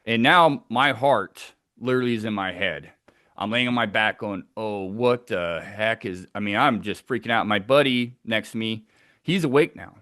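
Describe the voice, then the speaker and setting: A man's voice: mid-range voice, normal speed, bright, forceful tone, dry recording, studio quality. A man telling a tense first-person story of a wilderness encounter, acting out the sounds as he goes.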